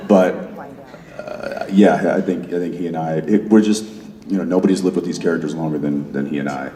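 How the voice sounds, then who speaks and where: A man's voice: sits low, fairly even intonation, fairly quick, dark tone, slight background noise. A man speaking as a panel guest in a large hall, rambling with many restarts. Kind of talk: convention panel talk. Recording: echoey hall from far off.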